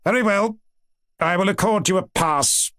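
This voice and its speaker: A man's voice: sits high, moderate pace, fairly bright tone, no echo, pitched above the performer's own voice. A man playing a clipped, condescending old-school professor. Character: stern pompous male examining professor.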